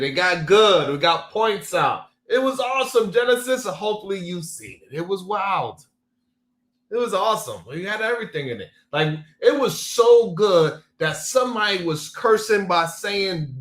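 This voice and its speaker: Male live-stream host, unhurried and playful, echoey room sound. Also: sits high, lively intonation, fairly bright tone. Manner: greets chatters by name, laughs often, playful. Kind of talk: casual live-stream chat.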